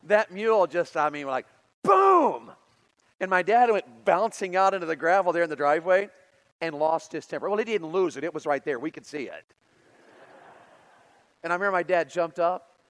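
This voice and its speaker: A middle-aged man preaching a sermon, telling stories with big swings between loud and soft. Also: high-pitched, normal speed, long pauses, rough recording. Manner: animated storytelling with big swings in loudness.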